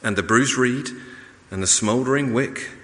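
A man preaching a sermon in a measured, emphatic way, pausing and restarting as he explains a passage. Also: medium pitch, a bit bright. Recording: long reverb of a large hall.

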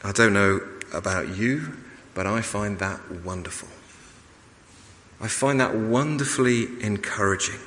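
Bright-voiced male preacher in a reverberant hall. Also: fairly low pitch, a little hiss or hum. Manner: measured, emphatic preaching with pauses and restarts. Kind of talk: sermon. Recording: long reverb of a large hall.

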